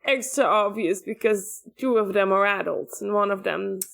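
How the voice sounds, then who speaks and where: A woman's voice: medium pitch, moderate pace, creaky. A woman co-hosting a casual anime podcast, blunt and a little exasperated as she recaps the episode. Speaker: podcast co-host.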